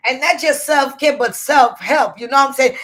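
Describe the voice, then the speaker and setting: A middle-aged woman from Trinidad with a Trinidadian accent, hosting a motivational live stream with lively, preacher-like call-outs to her viewers. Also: high-pitched, moderate pace, rough recording.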